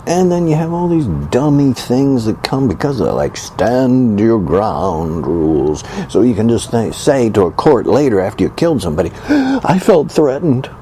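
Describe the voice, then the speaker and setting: A man's voice: fairly low pitch, dark tone, a little hiss or hum. A man delivering an indignant political opinion rant, sarcastic and mocking, repeating phrases for emphasis. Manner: indignant, sarcastic, mocks opponents with exaggerated sighs and gasps. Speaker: commentator.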